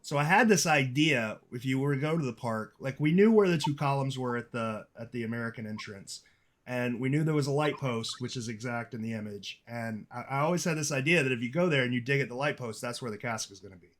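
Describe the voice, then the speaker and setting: A man hosts a casual live stream at a middle pitch. He talks in a chatty, rambling way and often restarts his sentences. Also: a little fast, fairly bright tone, a little hiss or hum. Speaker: host.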